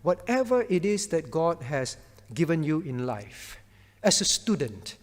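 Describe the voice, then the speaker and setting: Speaking at a moderate pace in a slightly high, very animated voice, a man teaches Bible class as pastor in a room with a big sound. He quizzes students by name and reinforces his message by saying it again and again.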